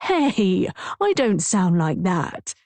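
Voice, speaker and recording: A woman's voice: lowish voice, big pitch swings, slow, a little mellow, no echo, heavily acted. Woman doing a posh pretentious wine-snob husband. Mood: pompous. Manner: pretentious, earnest.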